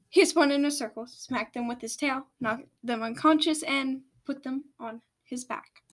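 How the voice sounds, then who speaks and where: Woman storyteller, high voice, stumbles and self-corrects. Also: normal speed, few pauses. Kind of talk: reading her own story aloud.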